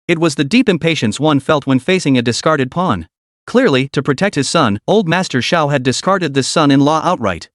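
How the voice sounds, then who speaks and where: A man's voice: fairly high pitch, dry recording, clean studio sound. A man narrating a dramatic story recap in a scripted reading voice. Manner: lively storytelling, reads all characters' lines himself.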